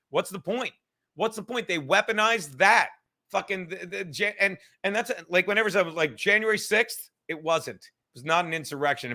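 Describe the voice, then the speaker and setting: Bright-voiced swearing podcast host, man. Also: sits high. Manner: profane, rambling, sarcastic, heavy swearing. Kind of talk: casual rant.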